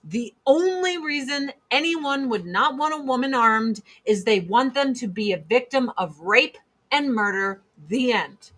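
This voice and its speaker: A woman's voice: on the high side, lively intonation, measured pace, fairly bright tone. Blunt, emphatic woman host. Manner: blunt, emphatic, repeats points for force. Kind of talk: casual monologue chat.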